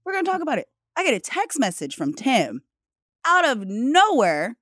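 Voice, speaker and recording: A woman's voice: high voice, huge pitch swings, moderate pace, fairly bright tone, no echo, studio quality. A woman co-hosting a podcast, chatty and telling stories while hedging and correcting herself. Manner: chatty, self-correcting storyteller. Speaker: podcast co-host. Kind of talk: casual chat.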